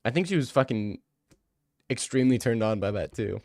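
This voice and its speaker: A young male streamer chats loosely with his viewers, crude and rambling, always joking. His pitch sits in the middle for a man. The sound is dry and close, with no echo. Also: expressive, a little fast, darkish tone. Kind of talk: casual livestream chat, answering viewer messages.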